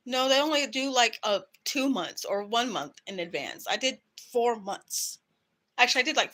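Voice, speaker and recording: A woman's voice: fairly high pitch, moderate pace, a bit bright. A woman vlogger ranting to camera in a heated, profane way about her work. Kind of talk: angry personal rant to camera.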